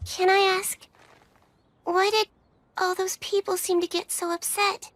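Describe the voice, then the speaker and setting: A woman's voice: very high-pitched, little pitch movement, measured pace, fairly bright tone, dry recording. A woman voicing a polite, earnest young witch girl in an anime dub.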